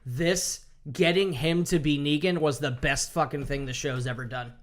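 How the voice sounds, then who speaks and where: A man in casual chat, excitedly recapping a TV episode, swearing often and acting out the characters' lines. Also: on the high side, moderate pace, a little hiss or hum. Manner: excited, swears a lot, acts out quotes. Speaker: podcast co-host.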